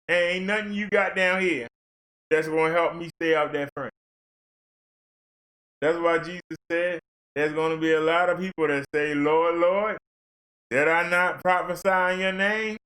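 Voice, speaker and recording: A man's voice: a little high, fairly even intonation, moderate pace, pauses often, sharp tone. A man ranting on a livestream in a fervent, blunt, preachy way. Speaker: livestream commentator.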